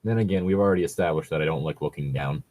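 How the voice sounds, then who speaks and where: A man's voice: very deep voice, racing, darkish tone. A man reading a fan story aloud in a casual comedic read-along, laughing often and swearing through rambling asides.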